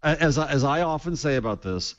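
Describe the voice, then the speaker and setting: A man's voice: on the high side, lively intonation, fairly quick. Guy cohosting a tech talk show, fired up and indignant, muffled laptop mic sound, no room echo. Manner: indignant, emphatic opinions. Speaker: co-host. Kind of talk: casual panel chat.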